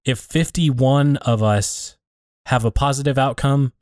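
A man speaks in a reflective, conversational way and stops often to rephrase himself mid-thought. His voice sits in an ordinary middle pitch. The recording is close and dry, with no room sound. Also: a little slow, a little mellow, no echo.

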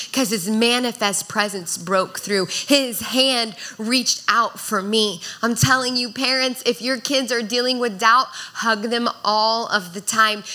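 A woman's voice: a little high, pushed and bright. A woman in her thirties preaching a sermon, earnest and exhorting, building to fervent calls to the congregation. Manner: earnest, exhorting, rises in intensity.

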